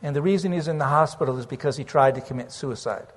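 A man's voice: a little high, fast talker, big-room sound. A man preaching, telling a personal story in an earnest way and slipping into prayer. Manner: earnest storytelling, slips into praying aloud. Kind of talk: sermon testimony.

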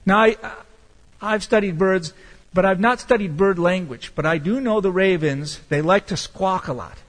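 A man preaching a sermon as pastor, emphatic and slowing down to stress key words. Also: sits high, long reverb tail, rough recording.

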